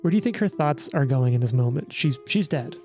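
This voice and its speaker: A man running a tabletop game as game master, wry and apologetic, talking quickly with frequent restarts. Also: mid-range voice, animated, mellow, soft background music.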